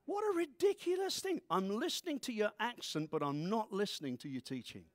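A man preaching a sermon, playful, with quick asides and comic voices. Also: sits high, huge pitch swings, no room sound. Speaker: pastor.

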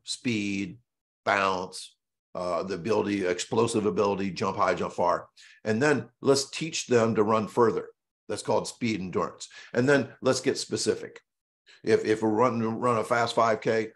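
A male coach giving a presentation in a blunt, emphatic way, hammering points home with repetition and an occasional mild curse. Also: lowish voice. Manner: casual and salty, with mild swearing.

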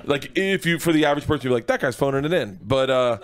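In a casual radio studio interview, a comedian in his forties tells stories, rambling excitedly and restarting sentences often. He talks fast in a mid-range voice.

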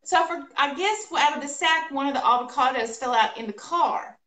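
A woman co-hosting a painting livestream tells a story in casual chat, animated and laughing as she goes. Her voice is high and bright, at a moderate pace. The room is echoey and she's a bit far from the mic.

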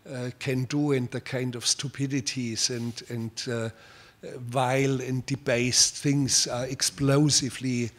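An older man from Germany with a German accent, answering audience questions at a public talk in a measured way, full of pauses and repeated words. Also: medium pitch, level tone, a bit bright.

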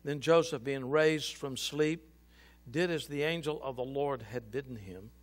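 A male pastor reading scripture and a book aloud dramatically in a church, swinging between loud and hushed. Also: mid-range voice, unhurried, soft background music. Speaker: senior pastor. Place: church sanctuary.

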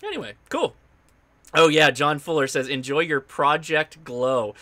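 A man's voice: fairly high pitch, a little slow, bright, forceful tone. A man hosting a live ham radio stream, explaining his gear in a chatty, upbeat way with loose restarts. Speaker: ham radio show host. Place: home radio station.

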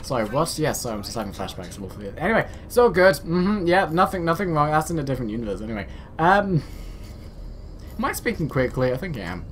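Animated man rambling over gameplay. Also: on the high side, fast talker, slight background noise. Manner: rambling, self-mocking, chatty asides to himself. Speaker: gaming video host. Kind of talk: casual gameplay commentary.

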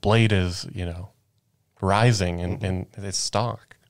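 A man on a games podcast panel, talking in casual chat, thoughtful and measured. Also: sits low, fairly even intonation, clean tone, no echo, studio quality.

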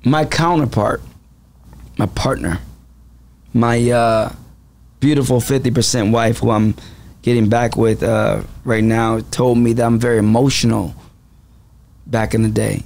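A man's voice: medium pitch, steady tone, measured pace, creaky, pauses often, darkish tone. A man who is an actor and comedian, telling stories as a guest in a casual interview with a dramatic, self-aware manner.

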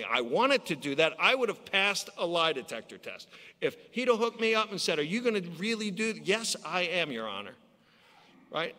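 Guy sharing his recovery story, bright voice, big echoey hall. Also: sits high, big pitch swings, normal speed. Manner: storytelling, acts out quoted voices. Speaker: AA speaker. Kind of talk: recovery talk at a conference. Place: conference hall. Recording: long hall reverb.

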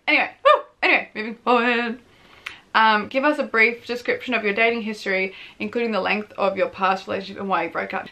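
Bright-voiced chatty young woman vlogger. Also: mid-range voice. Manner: chatty, swears freely, laughs often, self-mocking. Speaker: vlogger, former reality show contestant. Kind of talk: casual advice vlog.

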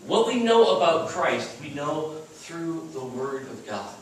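A man's voice: fairly high pitch, very animated, unhurried, a little hiss or hum. A man preaching an earnest, emphatic sermon as a chapel speaker at a Christian school. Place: chapel at a retreat. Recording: echoey room from far off.

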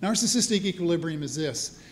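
A male priest gives a storytelling talk at a church event. His voice sits fairly high, and there is a faint hum of room ambience behind him. He keeps checking in with the crowd. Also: lively intonation, a little fast. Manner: chatty, often checks in with the audience. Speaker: priest and spiritual care teacher. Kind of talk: storytelling talk to a live audience.

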